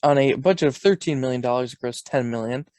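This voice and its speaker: A male podcast co-host talks in a relaxed, informative way, giving film facts and opinions. His voice sits at a middling pitch, and the recording is close and dry, with no room sound. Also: fast, no echo. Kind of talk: casual chat.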